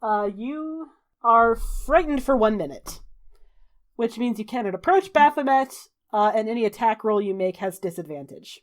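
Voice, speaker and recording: A woman running a tabletop game as game master, narrating and calling the rules briskly with offhand fillers. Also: a little high, lively intonation.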